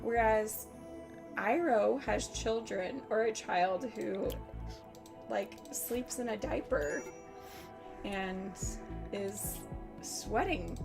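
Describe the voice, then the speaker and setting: A woman's voice: mid-range voice, drawn-out words, vocal fry, pauses often, over music. A young woman, a mother, chatting casually beside a gameplay stream at home, sounding tired and yawning. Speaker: co-host. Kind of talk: casual chat.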